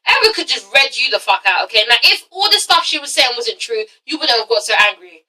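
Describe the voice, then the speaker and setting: Young woman reviewer, high and piercing, blunt and foul-mouthed, mic set back a little. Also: sing-song, fast talker, bright, forceful tone, far from the mic, low-quality recording. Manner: blunt, profane ranting. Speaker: TV reality show reviewer. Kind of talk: casual vlog review.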